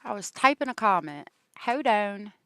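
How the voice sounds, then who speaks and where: A woman's voice: mid-range voice, animated, moderate pace, fairly bright tone, no echo. A woman hosting a true crime live stream, rambling in casual chat with lots of ums and likes and gushing thanks to her viewers.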